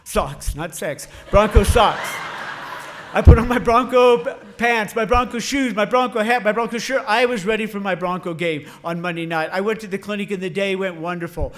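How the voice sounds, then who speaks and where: A man's voice: high-pitched, normal speed, a little hiss or hum. A middle-aged man, a veterinary professor, giving a humorous storytelling speech and animatedly acting out the quotes. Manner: animated, shouts and acts out quotes for comic effect.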